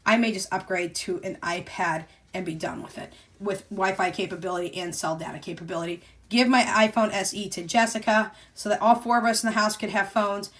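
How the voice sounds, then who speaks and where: An older woman from Missouri talking casually to her viewers about her monthly budget, chatty and addressing them as "y'all", getting excited as she retells things. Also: mid-range voice, brisk, few pauses. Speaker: budgeting vlogger.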